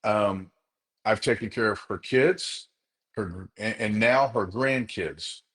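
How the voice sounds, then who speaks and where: This chiropractor runs a group session, telling a motivational story slowly in a lowish, fairly bright voice. He speaks sincerely and directly to his listeners and leans on repetition for emphasis.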